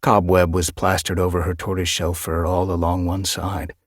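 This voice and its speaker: A man narrating an audiobook with steady, measured storytelling. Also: deep voice, no echo, studio quality. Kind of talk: scripted narration.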